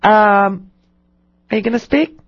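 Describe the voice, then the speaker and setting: A woman's voice: mid-range voice, takes it slowly, dull audio. Chatty woman radio host, rambling and wry. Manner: chatty, rambling, self-mocking, many fillers and restarts. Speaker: radio talk show host. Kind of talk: casual on-air monologue.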